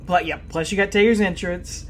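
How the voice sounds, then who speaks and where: A man co-hosting a podcast, chatting in a relaxed, easygoing way. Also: sits high, a little fast, slight background noise. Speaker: podcast co-host. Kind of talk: casual chat.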